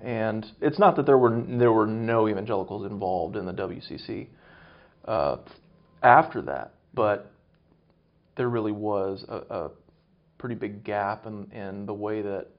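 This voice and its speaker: Deep-ish guy explaining stuff carefully, academic, kinda muffled lo-fi sound. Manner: measured, academic, thinks aloud. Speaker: guest. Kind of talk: conversational interview. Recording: dull lo-fi recording.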